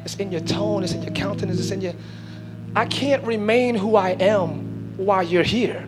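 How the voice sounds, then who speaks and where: A man preaching from the pulpit in a very high voice, driving his points home and then dropping to a near hush. Music plays steadily underneath him. The whole thing sounds like a live church service. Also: moderate pace. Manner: emphatic preaching, swinging between shouts and hushed low lines. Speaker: pastor. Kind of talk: sermon. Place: church sanctuary.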